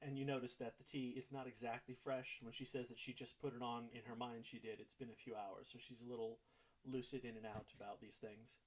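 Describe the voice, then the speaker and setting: A man's voice: mid-range voice, flat delivery, fairly quick, rough recording. A man running a tabletop game as game master, describing the scene casually.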